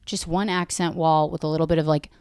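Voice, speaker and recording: Woman comedian doing a podcast monologue, kinda low voice, swears a lot, self-deprecating, clean dry sound. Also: fairly even intonation, fast, a little mellow, clear, resonant tone, dry recording. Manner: profane, self-deprecating, wry.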